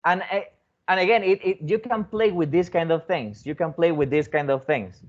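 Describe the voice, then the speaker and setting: A man's voice: on the high side, normal speed, muffled recording. Man teaching with frequent "okay?" checks. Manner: repeats words, many restarts, frequent rising "okay?" checks. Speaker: foreign teacher training teachers. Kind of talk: teaching demonstration talk.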